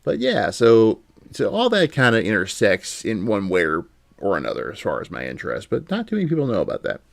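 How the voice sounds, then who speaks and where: Man, low gravelly voice, lively up-and-down delivery, dry close sound, casual podcast host, chuckles through stories. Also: brisk, dry recording. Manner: laughs often while telling anecdotes. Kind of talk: casual chat.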